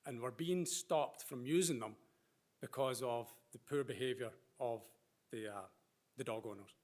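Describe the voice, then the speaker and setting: A man speaks up during public comment, earnest and rambling. His voice sits at an ordinary middle pitch. He apologizes for going on too long. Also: normal speed, a little mellow. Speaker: member of the public.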